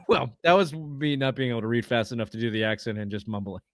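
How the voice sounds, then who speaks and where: A blunt, opinionated man with a Boston accent, co-hosting a casual sports chat. His pitch swings widely as he argues and laughs. The room is dry and close to the mic. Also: animated, fairly quick, dry recording. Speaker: podcast co-host.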